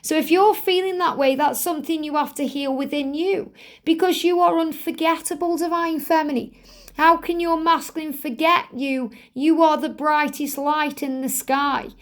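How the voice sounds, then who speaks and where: Woman with a high voice doing a card reading, soothing and reassuring, repeats herself a lot. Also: steady tone, normal speed. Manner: soothing, reassuring, repetitive phrasing. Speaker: tarot card reader. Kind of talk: spiritual card reading, direct address.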